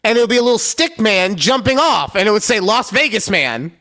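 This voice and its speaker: A young man co-hosting a comedy podcast, talking animatedly with loud bursts and laughing rants. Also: high-pitched, sing-song, brisk. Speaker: podcast co-host. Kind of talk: casual comedic chat.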